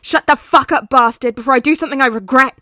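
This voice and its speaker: A woman voicing a hot-tempered, foul-mouthed teenage boy who snarls and shouts. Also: high voice, quick pace, dry recording, studio quality, pitched above the performer's own voice. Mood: angry.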